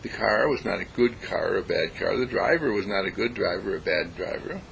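A man giving a reflective spiritual talk, deliberate and emphatic, repeating phrases to stress them. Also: low voice, lively intonation, gravelly, a bit bright, a little hiss or hum, rough recording. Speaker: spiritual speaker.

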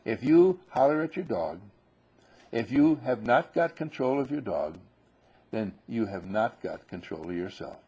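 A husky-voiced man lectures a gathered group as their spiritual teacher. He quizzes his listeners directly, then drives each lesson in by repeating the same line again and again. His delivery is emphatic and firm. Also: medium pitch, animated, unhurried, a little mellow. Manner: questioning, repetitive, emphatic.

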